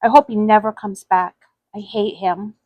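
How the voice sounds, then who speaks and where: A woman's voice: medium pitch, fairly even intonation, moderate pace, no echo, natural voice. This is a tearful young girl, angry and hurt, speaking muffled into a pillow, as a woman storyteller gives her the lines. The voice stays close to an everyday female voice, dry and close to the mic, with only a light touch of character.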